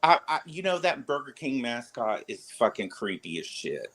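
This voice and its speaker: A man telling stories on a casual livestream, animated, profane and stammering as he talks. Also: mid-range voice, moderate pace. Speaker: streamer.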